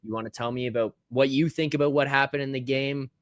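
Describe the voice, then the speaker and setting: A man talking hockey on a podcast as a guest, animated and rambling, swearing freely, with a lot of filler words. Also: medium pitch, fast, no echo, clean studio sound. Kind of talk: casual hockey podcast chat.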